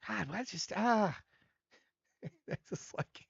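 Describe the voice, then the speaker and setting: A man's voice: high-pitched, expressive, slow, vocal fry, slightly rough, no room sound, muffled recording. An older man hosting a live stream, rambling and self-deprecating, laughing often as he talks to his chat. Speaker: livestream host reviewing music submissions. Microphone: desk microphone.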